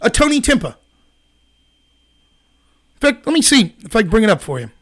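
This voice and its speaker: A man hosting a live-streamed political commentary show, talking in an animated, indignant rant. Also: very high voice, normal speed.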